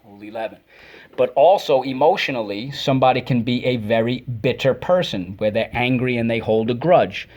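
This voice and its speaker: A man's voice: medium pitch, moderate pace, a little mellow, muffled recording. A man teaching a phonics lesson to children, energetically calling out words and repeating them for the class to echo.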